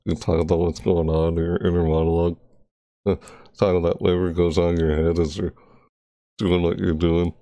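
A young man chats away on a live stream, talkative and wandering, circling back over the same points into a close desk microphone. He has a deep, warm voice with a level tone at a normal pace, and the recording is dry.

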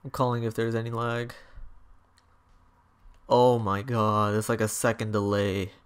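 A young man commentating his own online match, swearing and yelling in angry outbursts at his opponent. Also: on the low side, level tone, a little slow, clean tone. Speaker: gaming YouTuber. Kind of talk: live gameplay commentary.

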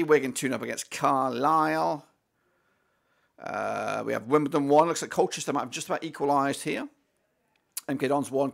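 Excitable gravelly male football fan. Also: mid-range voice. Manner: excitable, swears, frequent fillers and restarts. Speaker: fan watchalong host. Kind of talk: live football watchalong commentary.

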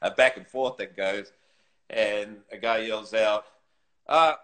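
Animated New man telling stories. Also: lowish voice, measured pace. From New Zealand. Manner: animated storyteller, laughs often, acts out quotes. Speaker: golf coach and former tour pro. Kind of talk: interview storytelling. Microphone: video call.

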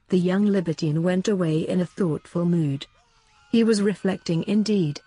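A woman narrating an audiobook in a steady, formal reading style. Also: lowish voice, moderate pace, dry recording. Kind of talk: scripted narration.

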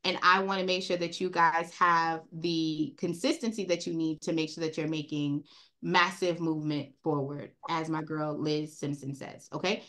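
Chatty Caribbean woman on a video call. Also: lowish voice. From Caribbean, grew up in Brooklyn. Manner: chatty and animated, addresses the group as y'all. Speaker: credit repair trainer hosting a group call. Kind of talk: casual online training session. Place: online group video call.

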